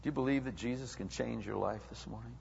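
A man's voice: mid-range voice, fast, gravelly, darkish tone, slight background noise. A male pastor preaching a sermon. He asks the congregation question after question and builds his intensity as he goes. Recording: dull sound with long hall reverb.

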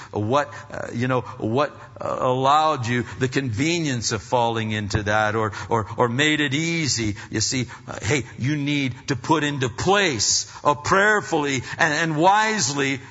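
A man delivers an earnest sermon in a bright, somewhat husky voice that sits a little high. He stumbles and restarts phrases and slips into the voices of his listeners. The sound is dull and lo-fi, ringing with the long reverb of a hall. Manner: earnest preaching with repeated restarts and acted-out inner voices. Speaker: pastor.

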